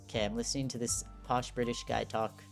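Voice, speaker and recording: A chatty game streamer talks loosely with viewers, trailing off and restarting thoughts. The voice sits at a middling pitch with faint music playing quietly underneath. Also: little pitch movement, fairly quick, vocal fry. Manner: rambling, self-interrupting, laughs often. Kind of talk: casual live-stream chat while playing.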